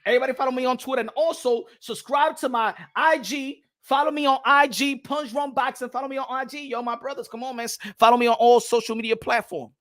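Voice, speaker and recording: A man hosting a boxing channel in casual reaction commentary, excitable and profane, laughing often and repeating himself. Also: extremely high pitch, fast talker, few pauses. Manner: repeats himself, bursts into yelps.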